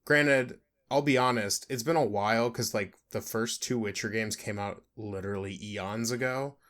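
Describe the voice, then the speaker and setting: A man co-hosting a casual podcast chat, joking and animated, with casual swearing. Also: fairly low pitch, moderate pace. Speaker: podcast co-host.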